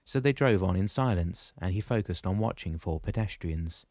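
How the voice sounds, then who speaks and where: A man narrates a novel in a steady, measured way. His voice sits low. The recording is close and dry. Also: no echo. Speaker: audiobook narrator. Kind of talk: scripted narration.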